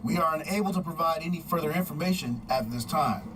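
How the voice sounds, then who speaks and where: A man reading a scripted news report, measured and formal. His voice sits slightly high. He sounds a little distant from the mic, with faint noise behind. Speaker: news correspondent.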